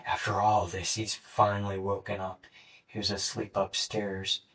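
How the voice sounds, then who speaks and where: A young man in his late teens gives a police interrogation statement in a flat, matter-of-fact way, halting with fillers. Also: lowish voice. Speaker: murder suspect being interrogated. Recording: distant mic in an interrogation room.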